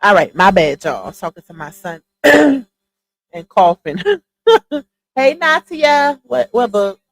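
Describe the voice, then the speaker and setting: A woman's voice: mid-range voice, big pitch swings, slow pace, no echo, rough recording. A woman hosting a casual gossip commentary livestream from home, chatting straight to her viewers and calling them "y'all" and "child". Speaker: livestream host. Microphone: earphones with mic.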